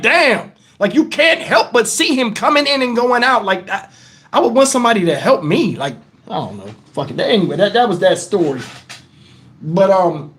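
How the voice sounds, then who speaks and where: High-voiced middle-aged man ranting on a livestream. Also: fairly bright tone. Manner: blunt, profane and shaken, addresses chat directly. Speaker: livestream host. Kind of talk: casual livestream talk.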